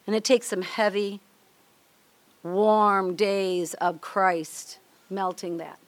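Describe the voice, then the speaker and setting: A woman's voice: mid-range voice, steady tone, takes it slowly, no echo. An older woman from Minnesota, giving a chatty, candid devotional talk to a women's group, laughing often and acting out little everyday scenes. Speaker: women's ministry speaker.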